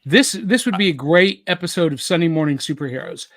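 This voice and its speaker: A man hosting a podcast, telling stories in a measured, conversational way. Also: on the high side, animated, a bit bright. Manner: measured, storytelling. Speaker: podcast host. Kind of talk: casual chat.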